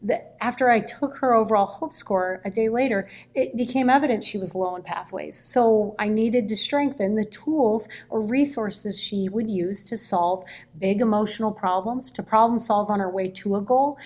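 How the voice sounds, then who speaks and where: A woman educator, a guest in a conversation, telling classroom stories in an animated and expressive way. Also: medium pitch, normal speed, hardly any pauses. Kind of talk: conversational storytelling.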